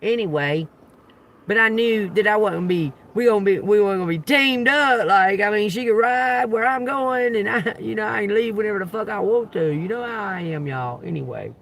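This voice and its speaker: A man hosting a live stream, telling a story to viewers in a profane, animated way and acting out the voices. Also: high voice, normal speed, vocal fry, slight background noise. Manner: animated, profane, laughs often, acts out voices.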